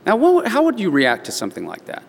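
This pastor speaks fast, with a high, gravelly voice whose pitch swoops wildly, and a long reverb tail hangs on his words. In his sermon he tells stories and acts out the voices of the characters he quotes.

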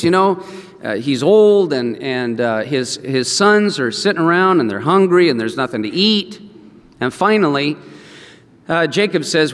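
A male preacher tells a story in his sermon with lively, wide swings in pitch, acting out the quotes with a chuckle here and there. His voice sits a little high for a man. It carries a long echo from a large church hall. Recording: echoey hall.

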